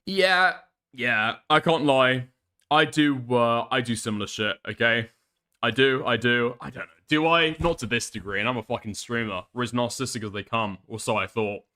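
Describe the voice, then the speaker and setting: A man's voice: medium pitch, moderate pace, bright, forceful tone. A man streaming live, reacting to a video with crude, mocking commentary and frequent laughter.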